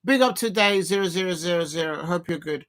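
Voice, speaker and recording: A man hosting a live football watch-along, chatting and calling the action in a rambling, excitable way that rises to shouts at big moments. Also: sits high, a little fast. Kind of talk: live match commentary and chat.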